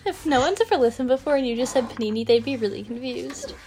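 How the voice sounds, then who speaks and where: A woman's voice: sits high, animated, quick pace, noisy background. A young woman from Canada co-hosting a casual podcast, chatty and self-mocking, laughing often. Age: young adult. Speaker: podcast co-host. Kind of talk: casual chat.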